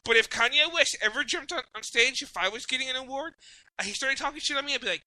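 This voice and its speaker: High, bright-voiced ranting podcast host. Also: quick pace, no room sound, poor audio. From Mexican heritage. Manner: ranting, rambling, keeps apologizing and restarting. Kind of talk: casual profane chat.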